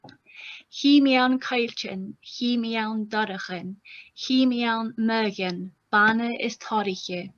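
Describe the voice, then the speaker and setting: A woman reading a song aloud as a guest, in a slow, lilting recital. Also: on the high side. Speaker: guest reader. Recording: distant, dull lo-fi sound.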